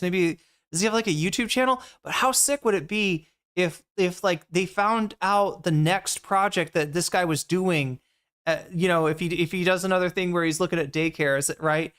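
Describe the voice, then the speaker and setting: A woman's voice: fairly low pitch, lively intonation, moderate pace, a bit bright. A woman streamer chatting casually while reacting to a video, rambling and talking to her chat.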